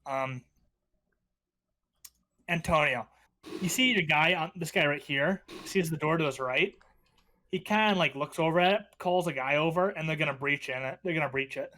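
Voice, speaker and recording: A man narrating as game master in a tabletop role-playing session, talking with frequent pauses and fillers. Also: on the high side, pushed and bright. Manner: hesitant, many fillers.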